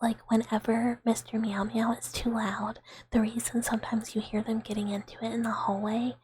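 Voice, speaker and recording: A young woman whispering in an ASMR chat stream, soft and giggly, rambling with fillers on a close mic. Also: on the high side, level tone, normal speed.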